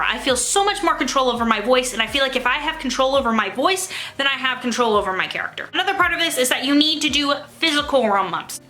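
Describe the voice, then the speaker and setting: Bright, high-voiced young woman giving tips. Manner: upbeat, emphatic, instructive. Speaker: theatre YouTuber giving audition tips. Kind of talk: casual advice vlog.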